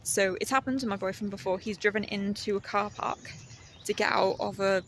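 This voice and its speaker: Chatty woman, gravelly. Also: mid-range voice, fairly quick, slight background noise. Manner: chatty, self-reassuring, laughs often. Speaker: artist vlogger. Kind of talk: casual vlog chat. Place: outdoors on a walk, then at home.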